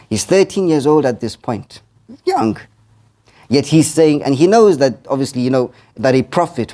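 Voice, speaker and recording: A man's voice: medium pitch, a little mellow. A man, an imam, giving a sermon in the manner of an earnest storyteller, quoting Arabic verses and translating each one.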